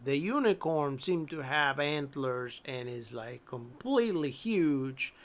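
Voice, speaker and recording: A game master narrating a tabletop horror game at a relaxed, hesitant pace, often restarting sentences. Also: medium pitch.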